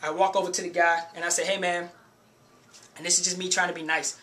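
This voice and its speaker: This is a high-voiced man with a sharp tone who speaks quickly with little pitch movement. As a fitness vlogger chatting to camera, he shares a gym anecdote, peppers it with "you know" and "man," and cautions beginners to get a spotter.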